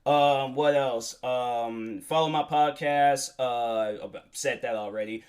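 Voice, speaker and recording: A man's voice: medium pitch, slow pace, a little mellow, clean tone. A young man hosting a solo podcast, talking in a casual, rambling, earnest way with many fillers and restarts. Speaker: podcast host.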